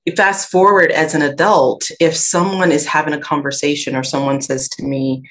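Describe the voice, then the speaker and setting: A woman's voice: low voice, normal speed, low-quality recording. A woman raised in Michigan and Alabama with a Southern accent, speaking earnestly as a podcast guest about confidence and perspective. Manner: reflective, earnest, animated when quoting others. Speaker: guest, aromatherapy expert. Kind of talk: podcast interview conversation.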